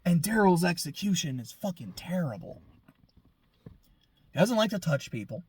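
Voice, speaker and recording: High-voiced man, sarcastic anime rant. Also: sing-song, moderate pace, darkish tone, breathy edge. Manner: casual, profane and sarcastic. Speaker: anime reviewer. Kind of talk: video essay commentary.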